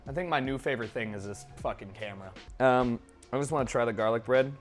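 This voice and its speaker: A young man streaming himself cooking, chatting casually in a joking, profane, rambling way with sudden loud outbursts. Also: mid-range voice, fast, soft background music. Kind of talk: casual live-stream chat while cooking.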